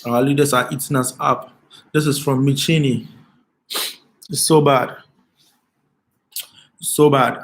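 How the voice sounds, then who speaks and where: A man's voice: mid-range voice, fairly even intonation, takes it slowly, long pauses. A man hosting an emotional live stream, speaking with passion and repeating his phrases as he pleads with his viewers.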